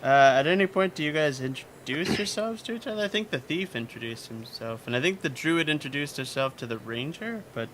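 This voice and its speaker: A man's voice: on the high side, expressive, brisk, few pauses, a bit bright, a little hiss or hum. Laid-back man running a tabletop game. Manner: loose, laughing, describes scenes with fillers. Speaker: game master.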